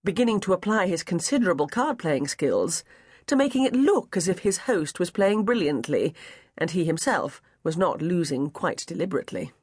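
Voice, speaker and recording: A man narrating an unabridged novel in a measured, even way on a close studio mic. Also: high-pitched, husky, no echo. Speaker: audiobook narrator. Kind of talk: scripted narration.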